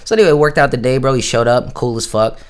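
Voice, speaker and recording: A man's voice: mid-range voice, fast. A young man from Florida telling stories in casual, slangy talk, swearing freely and acting out what others said. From Hollywood, Florida. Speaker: musician and actor. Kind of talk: casual storytelling on a livestream.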